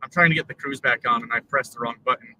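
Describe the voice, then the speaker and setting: A man's voice: medium pitch, quick pace, pushed and bright. A man talking to his viewers while driving his truck, rambling with lots of fillers. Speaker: trucker YouTuber. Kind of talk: casual vlog while driving. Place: truck cab on the road. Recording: distant mic, road noise.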